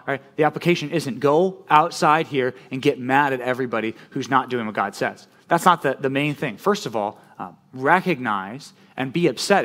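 A man preaching a sermon as pastor, animated and conversational, often checking in with "right?". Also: medium pitch.

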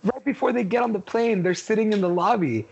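High gravelly man swearing through movie quotes. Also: brisk, dull audio. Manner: profane, animated, acts out movie quotes. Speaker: podcast co-host. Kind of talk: casual movie chat.

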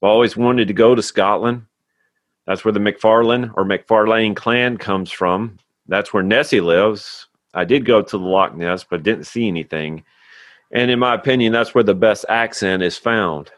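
Podcast host, male, from Tennessee; earnest and plainspoken, lowish voice, dry close sound. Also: moderate pace, dry recording. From Tennessee, USA. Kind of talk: scripted intro then casual interview.

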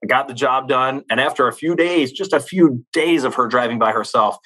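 A man's voice: medium pitch, brisk, fairly bright tone, a little hiss or hum, rough recording. A man in his forties, an astronaut guest in a conversational interview, speaking candidly and reflectively. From United States.

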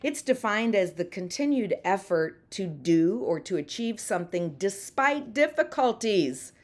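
A woman's voice: medium pitch, big pitch swings, measured pace. A woman hosting a motivational podcast, speaking emphatically, repeating phrases and leading her listeners in affirmations. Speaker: podcast host and mentor. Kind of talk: motivational pep talk.

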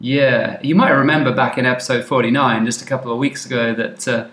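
A man's voice: mid-range voice, steady tone, a little fast, fairly bright tone. A man from England co-hosting a podcast in casual, jokey chat. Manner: chatty, jokey, laughs often. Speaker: podcast co-host. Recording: roomy echo.

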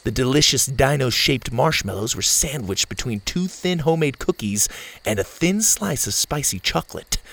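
A man's voice: mid-range voice, vocal fry, husky. A man hosting a children's story show, reading aloud and talking to young listeners in an upbeat, direct way. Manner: warm, upbeat and direct to kids. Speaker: storyteller host.

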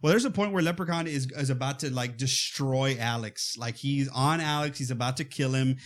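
A man chatting casually about a horror comedy, retelling scenes with lively acted-out quotes and frequent fillers. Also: medium pitch, brisk. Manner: animated storytelling, acts out quotes. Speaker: podcast co-host. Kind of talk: casual movie chat.

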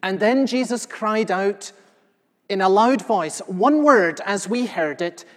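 A male pastor playing the apostle John in a first-person sermon, telling what he saw with earnest feeling, moving between hushed and loud passages. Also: sits high, expressive, takes it slowly, exaggerated voice. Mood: awed. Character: the elderly apostle John, solemn eyewitness. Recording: long reverb of a large hall.

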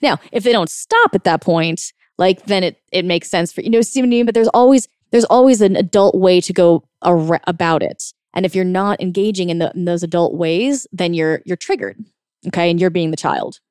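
A woman's voice: lowish voice, moderate pace, a little mellow, clear, resonant tone, dry recording, clean studio sound. A woman working as a relationship coach, giving casual, frank advice in a monologue, sometimes swearing, often laughing and acting out quoted reactions. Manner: frank and blunt, with occasional swearing.

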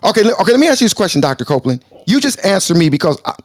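A man's voice: high-pitched, dry recording. Combative man debating on a talk show. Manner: loud and combative, then deliberately calming down. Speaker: show co-host.

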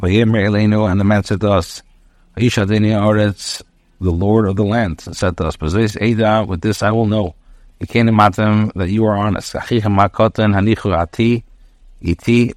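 A man, a rabbi, giving a daily class, reading Hebrew phrases aloud and translating and explaining them line by line with frequent pauses. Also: fairly low pitch, no echo, studio quality.

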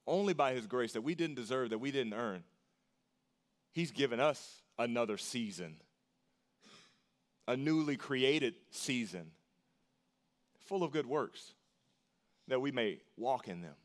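In an animated, somewhat slow sermon with frequent pauses, a pastor preaches with earnest emphasis. He leans on repeated short phrases and leaps up in pitch at the key lines.

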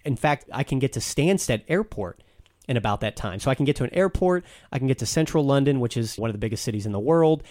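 A man's voice: mid-range voice, lively intonation, quick pace, darkish tone, dry recording, clean studio sound. A man talking casually and enthusiastically as a guest on a podcast, telling stories with some restarts.

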